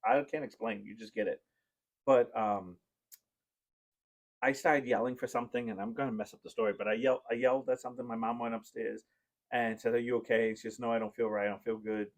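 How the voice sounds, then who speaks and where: A man's voice: mid-range voice, fairly even intonation, brisk. Rambling, heartfelt man hosting a podcast. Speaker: podcast host; parent. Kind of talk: casual chat.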